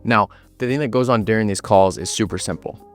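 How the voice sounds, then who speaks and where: Young man, low voice, confident, emphatic, business vlog, faint music underneath. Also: a little fast. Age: young adult. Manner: confident, emphatic, repeats words for stress. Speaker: agency owner giving business advice. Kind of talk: direct-to-camera business vlog.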